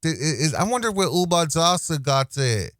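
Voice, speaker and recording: A man's voice: on the high side, big pitch swings, normal speed, a bit bright, dry recording. Rambling, indignant man, dry close sound. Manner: rambling, indignant, with frequent restarts. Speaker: commentary host. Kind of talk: casual reaction commentary.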